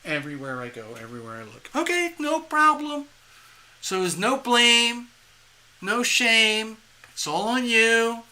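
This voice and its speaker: A tarot reader with a mid-range voice, speaking a little slowly, gives a rambling, animated live reading. Along the way they voice the inner thoughts they're describing and chuckle at their own jokes.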